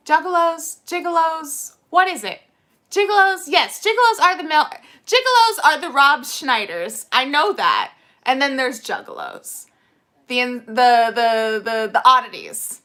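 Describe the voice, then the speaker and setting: A giggly young woman chatting on a livestream, her voice bright and a touch high. She rambles playfully and swings her pitch all over, sounding a little tipsy. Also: big pitch swings, moderate pace. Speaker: livestream host. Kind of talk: casual watch-along livestream chat.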